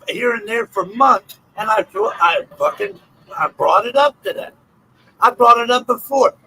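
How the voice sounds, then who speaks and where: A man's voice: very high voice, creaky, bright, forceful tone, poor audio. An older man hosting a heated online panel, talking bluntly and profanely.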